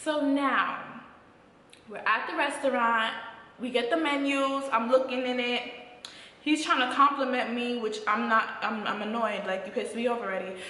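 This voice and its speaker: Vlogger: young Jamaican woman, sassy and animated, high bright voice, very echoey room with long reverb. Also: normal speed. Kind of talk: casual storytime.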